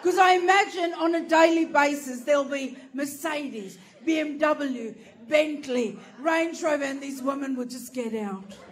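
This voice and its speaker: High-voiced woman doing stand-up. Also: a little hiss or hum. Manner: animated, profane, bursts into shouting. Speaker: stand-up comedian. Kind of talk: stand-up comedy storytelling.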